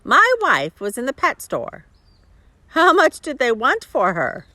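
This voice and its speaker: A woman's voice: high-pitched, wildly swooping pitch, measured pace, sharp tone, no echo, pitched above the performer's own voice, full character voice. A woman voicing a jovial, teasing middle-aged husband in a storybook read-aloud.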